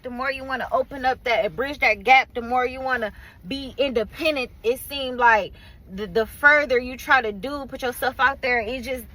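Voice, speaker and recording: Sitting in her car, a vlogger who also runs a small business vents her frustration in a weary, meandering rant full of swearing and filler words. Her voice is high, strained and bright, and the audio quality is poor.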